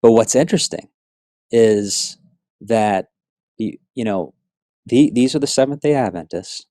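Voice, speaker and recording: A man from South Florida telling his personal faith testimony in an earnest, animated storytelling way, full of asides. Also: lowish voice, unhurried, no echo, clean studio sound. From South Florida, USA. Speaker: speaker giving a personal testimony.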